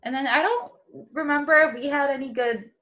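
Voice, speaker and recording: A woman's voice: sits high, brisk. A young woman co-hosting a podcast, chatting casually and animatedly about a TV show, with lots of "like.". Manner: chatty, animated, acts out quotes with many "like"s. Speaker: podcast co-host.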